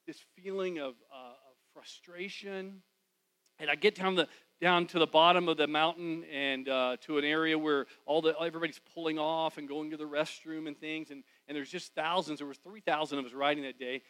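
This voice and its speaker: A male pastor preaches in church and tells a personal story in a relaxed, conversational way. His voice is bright and forceful and sits a little high. He drops to near whispers and then rises again. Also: low-quality recording. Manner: conversational, wide swings from loud to hushed. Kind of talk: storytelling sermon.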